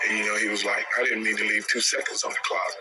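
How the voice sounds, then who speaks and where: A former basketball player recalling a game in a relaxed, rueful way during an interview. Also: male voice, on the low side, fast talker. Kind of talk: documentary interview storytelling. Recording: music underneath.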